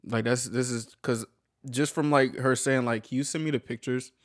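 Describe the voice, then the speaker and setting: A man reacting to a true crime video in halting, slangy casual talk full of fillers. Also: mid-range voice, fairly even intonation, dry recording, studio quality.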